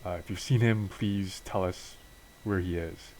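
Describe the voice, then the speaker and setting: A man's voice: low voice, steady tone, measured pace, darkish tone, a little hiss or hum, low-quality recording. A man voicing a polite male police officer asking questions hesitantly.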